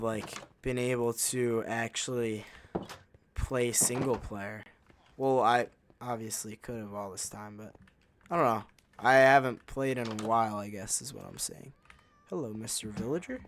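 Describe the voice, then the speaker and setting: A man's voice: mid-range voice, a little hiss or hum. A man chatting casually while playing a game, rambling along with lots of fillers. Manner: rambling and unhurried, with many fillers. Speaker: gaming channel host. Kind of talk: casual gameplay commentary.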